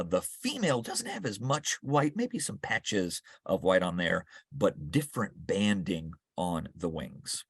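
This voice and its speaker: A man's voice: on the low side, fairly bright tone, slightly rough, no room sound. A man giving an enthusiastic, conversational slide talk to a club meeting. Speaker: naturalist speaker.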